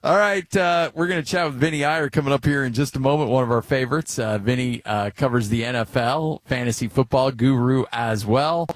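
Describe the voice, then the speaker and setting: A talkative male sports radio host in his forties, trading banter with his co-host and spinning family anecdotes. His voice sits at an ordinary middle pitch, and the studio sound is dry and close. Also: a little fast, few pauses, no echo. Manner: chatty, tells stories with lively quoted voices. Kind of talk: casual sports radio chat.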